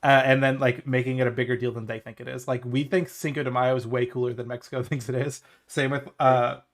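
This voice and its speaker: A man's voice: mid-range voice, level tone. An American man on a podcast, chatting casually, swearing and calling people "bro". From United States. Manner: quick, sweary, says "bro". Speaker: podcast co-host. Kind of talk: casual chat.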